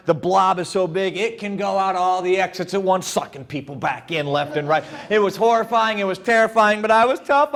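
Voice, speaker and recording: A man telling a story live to a young audience, playful and animated, often turning to talk with the crowd. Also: high voice. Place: live event before an audience.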